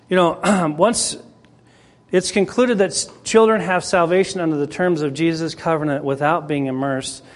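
A man teaching a Bible class in a conversational way, clearing his throat often as he starts to lose his voice. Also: a little high. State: losing his voice.

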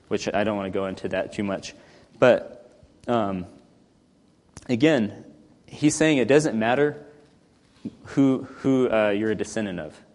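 A man leading a Bible study, reading scripture aloud and then explaining it in casual, conversational talk, often clearing his throat. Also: fairly low pitch, big-room sound. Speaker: Bible teacher.

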